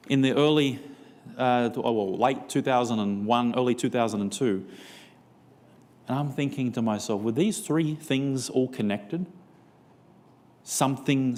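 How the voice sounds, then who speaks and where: A man's voice: medium pitch, darkish tone, long reverb tail. A man preaching a seminar sermon, telling a story and acting out both sides of a conversation. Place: church.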